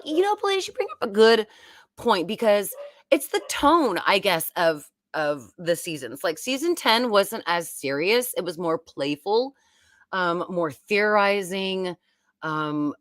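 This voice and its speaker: Lively low-voiced woman streamer. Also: dry recording, clean studio sound. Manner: chatty and rambling. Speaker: YouTube host. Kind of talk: casual live-stream chat. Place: at home.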